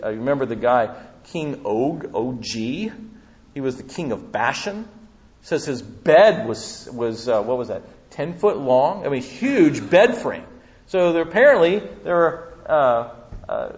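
A man preaching a sermon as pastor, telling the story with animated humor. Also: fairly high pitch. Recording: dull lo-fi recording.

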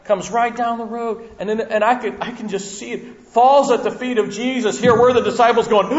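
A male preacher delivers a dramatic sermon in a church room. He swings from loud to hushed, in a high voice. The sound is dull and slightly lo-fi. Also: fairly even intonation, moderate pace, few pauses.

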